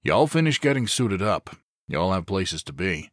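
A man's voice: low-pitched, very animated, no echo, studio quality. A man voicing a somber police captain briefing his team in an audiobook. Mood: grave. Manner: grave, measured. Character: somber middle-aged male police captain.

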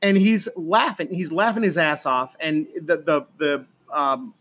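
Man, high voice, casual storyteller, halting restarts. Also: fairly even intonation, fairly bright tone. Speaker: podcast co-host. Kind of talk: casual chat, telling a funny story.

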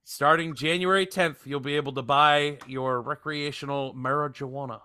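A man's voice: a little high, steady tone, moderate pace, pushed and bright, clear, resonant tone, no echo. A young man hosting a podcast, joking and swearing in casual chat. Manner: profane and joking. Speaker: podcast host.

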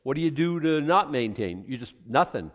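A man preaching a sermon as pastor, animated, swinging from hushed asides to loud exclamations. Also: medium pitch, moderate pace, in a large hall.

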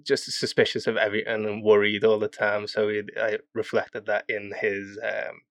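A man chatting casually as a podcast guest, rambling and animated as he explains his game characters. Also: fairly low pitch, dry recording. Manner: rambling, animated with quick voice demos. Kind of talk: casual chat.

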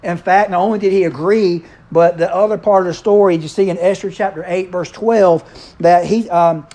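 A man, preaching in a relaxed, chatty way. He jokes with the congregation and slips into quick voices for the people in the story. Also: sits high. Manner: playful, acts out characters' lines in quick voices. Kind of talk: casual conversational sermon.

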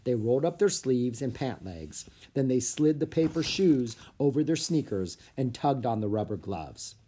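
A narrator reading a children's chapter book aloud with expressive storytelling. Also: mid-range voice, normal speed, slight background noise. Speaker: audiobook narrator.

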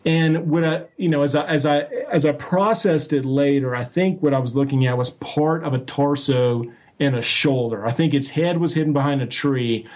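A man telling a story as an interview guest, animated and full of restarts and acted-out quotes. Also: fairly high pitch, normal speed, few pauses. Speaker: guest recounting a sighting. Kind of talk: casual storytelling.

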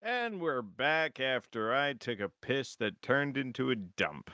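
A man's voice: mid-range voice, lively intonation, unhurried, bright, forceful tone, dry recording, studio quality. A man co-hosting a podcast in loose, joking, profane casual chat. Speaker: podcast co-host.

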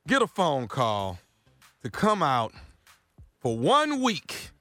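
A male radio comedian telling a playful, animated story. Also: on the high side, slow pace, no room sound, faint music behind. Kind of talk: comic storytelling.

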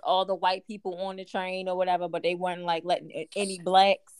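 A woman in a casual podcast chat, expressive and playful as she tells what she saw. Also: lowish voice, a little fast, a little hiss or hum.

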